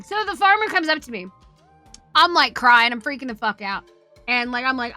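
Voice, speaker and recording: A woman's voice: sits high, big pitch swings, moderate pace, pushed and bright, no room sound, faint music behind. A woman streamer chatting casually, telling a rambling, profane story and laughing as she greets her chat. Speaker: Twitch streamer.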